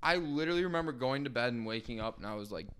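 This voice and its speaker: A young man hosting a podcast, telling an animated story in casual chat and swearing freely. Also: medium pitch, racing, clean tone. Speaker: podcast host.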